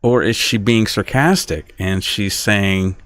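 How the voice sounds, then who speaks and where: A man's voice: fairly low pitch, slow pace, fairly bright tone, smooth, no room sound. A middle-aged man rambling through a solo podcast monologue, often stopping and restarting, sounding aggrieved. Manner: rambling, self-interrupting, aggrieved. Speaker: podcast host.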